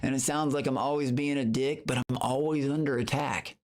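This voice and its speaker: A man's voice: mid-range voice, fairly even intonation, moderate pace. A man chatting casually on his livestream, boasting and taunting his critics while greeting viewers in chat.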